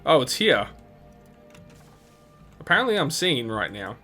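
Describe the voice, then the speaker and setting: A man's voice: mid-range voice, sing-song, measured pace, sharp tone. A man hosting a let's play, giving chatty, rambling gameplay commentary full of restarts and laughs. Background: game music.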